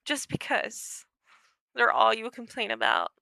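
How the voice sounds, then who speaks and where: A woman's voice: fairly high pitch, very animated, slow pace, creaky, pushed and bright, dry recording. A woman writer casually chatting during a writing livestream, talking in a chatty way with many fillers. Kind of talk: casual chat while writing.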